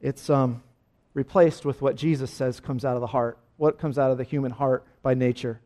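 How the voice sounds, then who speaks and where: A male pastor preaching a sermon emphatically, dropping to soft asides and rising to loud exclamations. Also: mid-range voice, fairly even intonation, normal speed.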